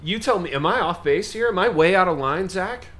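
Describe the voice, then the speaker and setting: A man co-hosting a comedic talk show, speaking with theatrical, mock-grave indignation. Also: fairly quick. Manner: theatrical, mock-grave, animated pitch swings. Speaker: podcast co-host.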